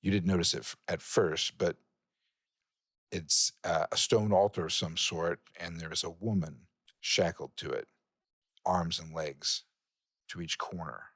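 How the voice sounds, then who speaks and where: A man running a horror tabletop game as game master, narrating slowly and sometimes dropping to a whisper. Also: low-pitched, fairly even intonation, dry recording, studio quality. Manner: slow, hushed narration that drops to a whisper.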